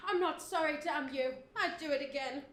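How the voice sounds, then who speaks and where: A woman's voice: sits high, moderate pace, close to an everyday voice. A woman playing a scheming posh murderess in a melodramatic stage comedy, heard on a theatre stage. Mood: villainous. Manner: melodramatic, arch. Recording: roomy stage with audience noise.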